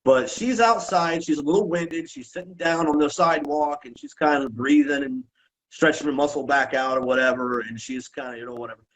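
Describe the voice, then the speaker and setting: A former wrestler and referee tells stories on a podcast in a fairly quick voice on the high side, captured in a low-quality recording. He is casual and profane, animated, and acts out what people said.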